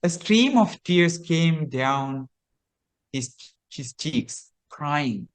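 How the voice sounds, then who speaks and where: A man, a Buddhist monk, telling a teaching story in a sermon, slow and repetitive with hesitant restarts. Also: on the high side, lively intonation.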